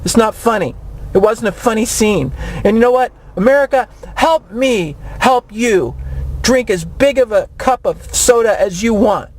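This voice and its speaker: A woman's voice: a little high, unhurried, a little mellow, rough recording. Woman doing a brash blustering governor. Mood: insistent. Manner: boastful, defensive, bullying. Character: brash, gluttonous, blustering male state governor. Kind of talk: comedy radio sketch impression.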